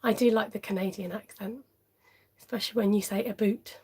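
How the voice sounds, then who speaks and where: A woman's voice: mid-range voice, steady tone, brisk, darkish tone, husky. A woman hosting a live papercraft tutorial in a friendly, chatty way, greeting viewers by name and laughing often.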